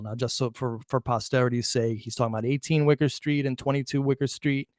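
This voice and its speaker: A man's voice: mid-range voice, brisk, no echo, clean studio sound. A man hosting a true crime commentary, reading letter passages aloud and mocking his critics with chuckles and restarts. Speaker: true crime channel host.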